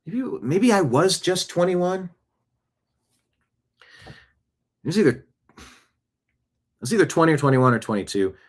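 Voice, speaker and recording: A man's voice: on the high side, big pitch swings, unhurried, pauses often. A man hosting a show, chatting casually and animatedly through personal stories. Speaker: show host. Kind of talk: casual storytelling monologue.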